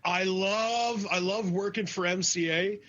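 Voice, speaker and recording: Podcast co-host, man with a somewhat high, sharp, bright voice, blunt and profane, muffled lo-fi recording. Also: fairly even intonation, measured pace. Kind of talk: casual chat.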